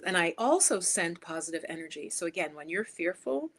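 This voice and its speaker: A woman's voice: sits low, expressive, fairly quick, a bit bright. A woman life coach giving a casual, chatty motivational talk, speaking directly to her viewers.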